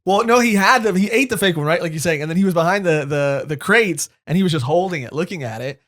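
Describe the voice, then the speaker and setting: A man co-hosting a podcast, chatting casually and joking, retelling scenes with animated quotes. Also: sits high, quick pace. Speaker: podcast co-host. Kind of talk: casual chat.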